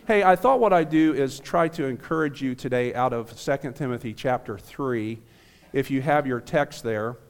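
An American man in his fifties, a visiting pastor, preaches to a small church in a mid-range voice at a moderate pace. He starts out friendly, joking with the crowd, before turning to earnest preaching.

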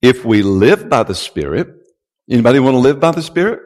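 A male pastor preaching a sermon, who builds to loud call-and-response and draws out key words. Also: mid-range voice, very animated, brisk. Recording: long hall reverb.

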